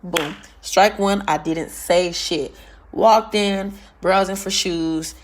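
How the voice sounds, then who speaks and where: A woman vlogger telling a story in a loud, carrying voice, blunt and full of profanity. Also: fairly low pitch, fairly even intonation, slow, a little hiss or hum. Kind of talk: casual storytelling rant.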